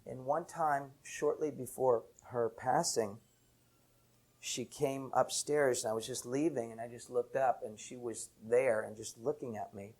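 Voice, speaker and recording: A man's voice: mid-range voice, unhurried. A man, an enneagram teacher, telling a reflective story with bursts of laughter. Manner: animated anecdote with laughter.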